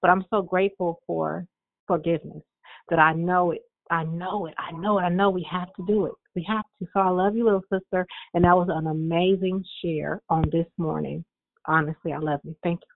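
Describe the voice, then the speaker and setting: A woman's voice: lowish voice, fairly even intonation, fairly quick, creaky. A woman calling in to share heartfelt gratitude, repeating for emphasis. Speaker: caller. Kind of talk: emotional sharing on a prayer call. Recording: tinny phone line.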